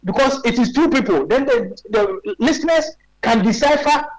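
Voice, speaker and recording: High-voiced Ghanaian man arguing his case. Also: animated, normal speed, rough recording. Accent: Ghanaian English. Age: 40s. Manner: emphatic, fires rhetorical questions. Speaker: radio guest. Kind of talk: heated radio talk.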